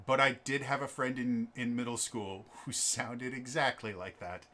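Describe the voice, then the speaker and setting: A man from Wisconsin running a tabletop game, chatting casually with animated, joking asides. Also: mid-range voice, normal speed. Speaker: game master. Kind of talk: casual chat.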